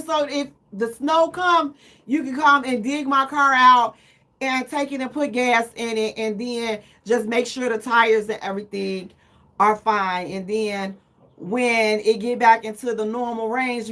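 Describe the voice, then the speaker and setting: A woman's voice: on the high side, fairly even intonation, moderate pace, bright, forceful tone. A middle-aged woman hosting a live radio talk show, telling teasing, self-mocking stories in a casual chat.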